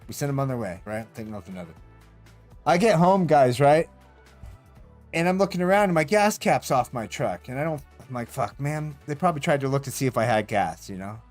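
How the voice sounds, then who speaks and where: Soft background music runs under a gamer's stream as he casually rambles through an animated story, laughing and cursing frequently along the way. His voice is mid-range and his pace is a little fast.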